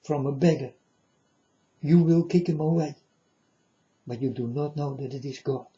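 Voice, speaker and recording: A man's voice: fairly high pitch, normal speed, dark tone, muffled recording. A man speaking as a self-styled prophet in a rambling monologue to his viewers. He is solemn and repetitive and keeps addressing them as folks.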